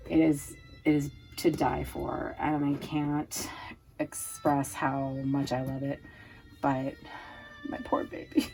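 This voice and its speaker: A woman's voice: low voice, slow pace, soft background music. A woman from Oregon chatting casually to camera at home as a vlogger, rambling and laughing often. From Oregon, USA. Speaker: lifestyle vlogger.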